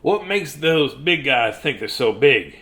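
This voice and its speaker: A man voicing a big, gentle, worried male elephant in a storybook, speaking low and slow. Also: very animated.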